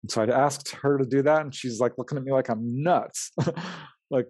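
Man, storytelling, animated, acts out dialogue, even mid pitch, dry sound. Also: normal speed, dry recording. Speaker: guest, UFO researcher and writer. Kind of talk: storytelling in an interview.

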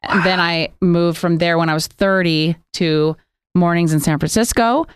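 A woman in her forties, a radio broadcaster and comedian, chatting as a podcast guest in a quick, self-deprecating way. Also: on the low side, clean tone, no room sound, clean studio sound. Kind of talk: casual interview chat.

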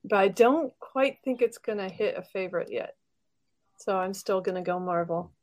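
A woman's voice: mid-range voice, normal speed, a little mellow. A woman co-hosting a casual podcast, speaking thoughtfully with some hesitation. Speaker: podcast co-host. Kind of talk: casual chat.

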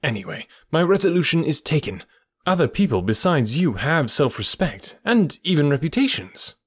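A man's voice: on the high side, big pitch swings, moderate pace, slightly rough, dry recording, pitched above the performer's own voice. A man reading the part of an earnest, loyal male doctor in an audiobook, raising his voice in an anxious, protesting way. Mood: insistent.

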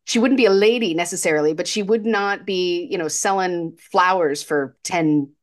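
A woman's voice: on the low side, normal speed. Chatty woman with lots of fillers. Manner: chatty, laughing, many fillers and restarts. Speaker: podcast co-host. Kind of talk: casual film chat.

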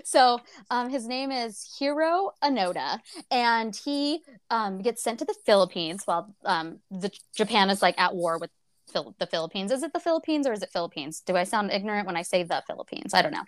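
A woman's voice: medium pitch, expressive, a little fast, no room sound. A woman co-hosting a podcast in a casual book chat, laughing often and swearing freely. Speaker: podcast co-host.

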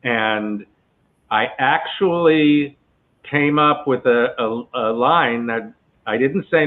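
A male actor being interviewed, telling a long story in a relaxed, chatty way with many asides. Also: medium pitch, takes it slowly. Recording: tinny phone-like line.

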